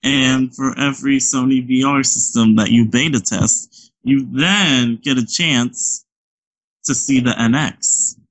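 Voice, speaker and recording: A man's voice: medium pitch, slow, low-quality recording. A man co-hosting a casual gaming podcast, enthusiastic and full of fillers and swearing. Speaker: podcast co-host.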